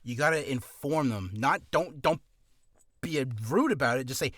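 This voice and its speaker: A slightly high-voiced man talks through career advice in a loose, rambling way, restarting his sentences as he goes. He coughs from acid reflux now and then. The sound is dry and close. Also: moderate pace, fairly bright tone, no room sound. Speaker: voice actor giving career advice. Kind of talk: casual advice vlog.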